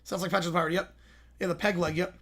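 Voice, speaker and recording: Man stream host, high voice, dry muttered reaction asides. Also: fast talker. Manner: wry, half-mumbled asides that build into excited disbelief. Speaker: livestream host reacting to videos. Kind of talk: casual reaction commentary.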